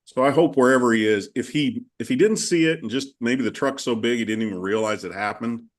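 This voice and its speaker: A man's voice: mid-range voice, fairly quick. A man on a video call with his coach, chatting candidly and rambling through a personal story. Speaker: coaching client. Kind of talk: casual call conversation.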